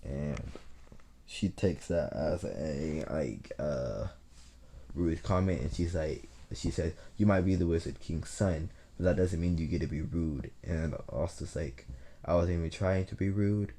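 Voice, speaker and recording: A young man casually retelling a fan-made story, rambling and halting with many fillers and restarts. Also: extremely low pitch, mellow, slight background noise.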